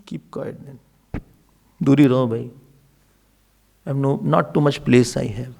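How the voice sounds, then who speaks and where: With a mid-range, warm voice that is steady in tone, somewhat creaky, and a little slow, a man teaches as a spiritual guide in an impassioned devotional discourse. He exhorts and implores his listeners, adding Hindi verses and pleading cries.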